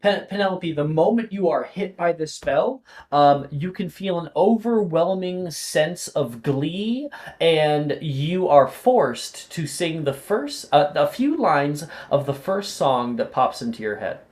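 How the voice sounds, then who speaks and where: A game master narrating a tabletop game at a slow, easy pace. The voice swings widely in pitch as they react to the players. They sound playful and delighted. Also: lively intonation, darkish tone.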